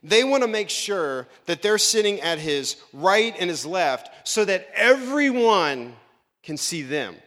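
A man preaching a lively sermon as pastor, acting out Bible characters in funny voices. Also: high-pitched, unhurried, big-room sound. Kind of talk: animated sermon.

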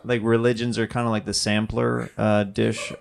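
A man's voice: on the low side, completely flat delivery, moderate pace, gravelly, clean tone. A young man hosting a comedy show, joking around in a goofy, playful way and hyping up the crowd. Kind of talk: casual comedic banter.

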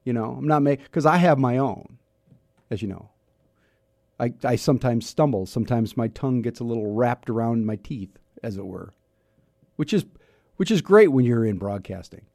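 Middle-aged male talk radio host, warm low-key tone, rambling and self-deprecating. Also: expressive, normal speed, vocal fry, no echo, studio quality. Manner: chatty, self-mocking, rambling with restarts. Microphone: studio mic.

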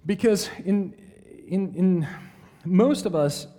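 Male Bible teacher, mellow voice on the higher side, lively delivery, big reverberant hall. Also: slow pace. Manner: animated, asks listeners questions, reads verses dramatically. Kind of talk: conversational Bible lesson.

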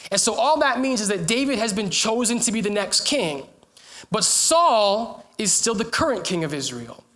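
A man's voice: high-pitched, normal speed. A man preaching a sermon in a humorous, storytelling way, joking with and rallying his congregation. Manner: animated, joking, rallying the crowd.

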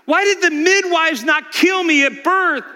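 A man's voice: extremely high pitch, a little slow, pushed and bright, voice pushed up, exaggerated voice. A man voicing an anguished suffering man who cries out pleading questions, in a reverberant hall. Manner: pleading, crying out.

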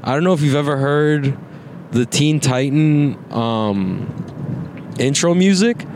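A man's voice: fairly high pitch, slow pace. Rambling, profane young man in a car. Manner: rambling, profane, laughs often. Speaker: podcast host. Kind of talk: casual chat. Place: inside a moving car. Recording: faint road noise in a car.

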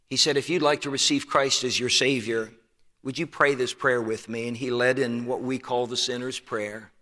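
Older male preacher, bright forceful tone, earnest storyteller, church with long reverb. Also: mid-range voice. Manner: earnest storytelling, drops soft and slow at emotional moments. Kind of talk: sermon with personal story. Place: church sanctuary.

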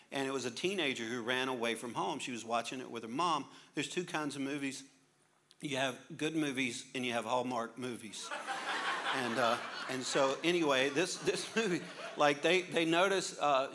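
A man's voice: fairly high pitch, sharp tone, a little hiss or hum. A male pastor preaching a sermon with humorous stories, jokey and laughing through his lines.

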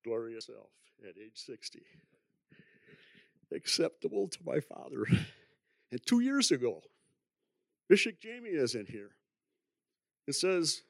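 A man's voice: mid-range voice, very animated, unhurried, creaky, pauses often, no room sound, studio quality. A man in his sixties giving a personal testimony in church, rambling and chuckling as he tells his story. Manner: rambling, chuckling, self-deprecating.

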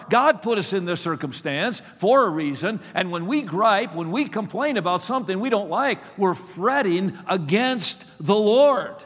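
A man preaching a sermon, slow and emphatic, often repeating words as he starts a sentence. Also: high-pitched, a bit bright, in a large hall.

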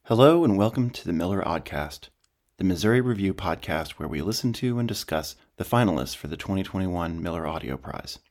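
A man with a very low voice introduces a podcast episode from a script. His delivery is dry and wry, the way a managing editor presents the show. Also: expressive, fairly quick, darkish tone.

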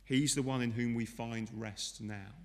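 A man's voice: medium pitch, steady tone, measured pace, creaky, in a large hall. A man preaching a sermon in a conversational way, often asking his listeners rhetorical questions. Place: church.

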